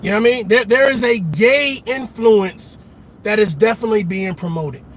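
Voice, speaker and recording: High-voiced man ranting emphatically. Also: moderate pace, a little hiss or hum. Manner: emphatic, repetitive, calls out to listeners. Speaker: show host. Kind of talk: impassioned commentary monologue.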